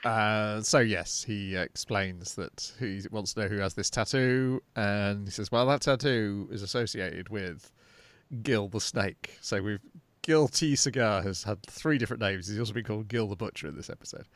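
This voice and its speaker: A man's voice: lowish voice, normal speed, no echo. A man co-hosting a podcast, recapping an episode casually and unhurriedly, with fillers. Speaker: podcast co-host.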